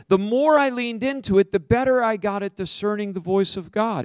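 An American man preaching a sermon emphatically, with sudden high swings and drawn-out stressed words. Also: dry recording, studio quality.

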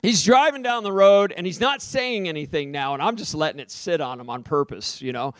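An American man preaching a sermon emphatically, with sudden high swings and drawn-out stressed words. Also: animated, dry recording.

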